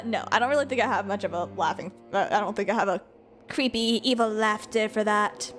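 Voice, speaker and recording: Woman gamer streamer, high bright voice, swears freely, game music underneath. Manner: emotional, swears a lot, frequent laughter. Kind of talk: gameplay reaction commentary.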